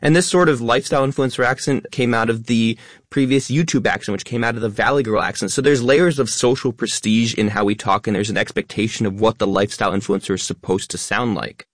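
A man being interviewed as a content creator, talking fast and stressing many words. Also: mid-range voice, no echo, clean studio sound. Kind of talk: interview conversation.

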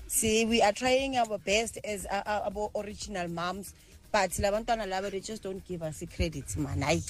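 A woman's voice: mid-range voice, normal speed, over music. Emphatic woman caller. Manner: emphatic, indignant. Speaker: listener sending a voice note. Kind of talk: casual spoken voice note.

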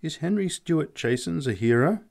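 A man's voice: on the high side, animated, moderate pace, vocal fry, darkish tone, voice pushed up. A man reading a story aloud and voicing a young male soldier who talks in a dry, wry way.

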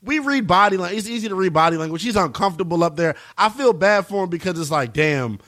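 A man's voice: high voice, expressive, quick pace, a bit bright. A man co-hosting a sports talk show, emphatic and fond of rhetorical questions. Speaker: sports podcast co-host.

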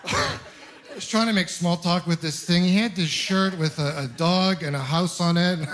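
A man's voice: high-pitched, fairly even intonation, moderate pace, fairly bright tone. A man from Ontario performing a stand-up comedy routine, telling self-deprecating stories with punchy timing. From Ontario, Canada.

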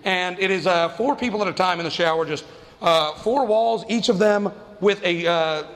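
A man doing stand-up, telling a story in an animated way and jumping into quoted voices. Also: high voice, normal speed, long reverb tail. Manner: animated, acts out quoted voices with big jumps. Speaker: stand-up comedian.

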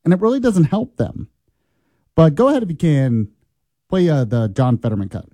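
A man's voice: a little high, huge pitch swings, moderate pace, warm tone, no room sound. Sarcastic talk radio host, man. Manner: sarcastic, laughing asides over clips.

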